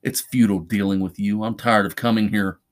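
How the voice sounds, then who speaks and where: A man's voice: fairly low pitch, fairly even intonation, fairly quick, natural voice. Cruel, scornful tormentor, voiced by a male narrator; menacing horror-story delivery. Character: cruel, controlling man, cold and menacing.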